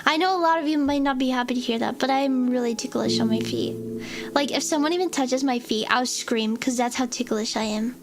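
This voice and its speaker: A woman's voice: sits high, brisk. A young adult woman streamer telling a rambling story in a casual chat, full of fillers, acting out what people said. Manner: rambling, filler-heavy, acts out quotes. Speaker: VTuber streamer. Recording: loud music under the voice.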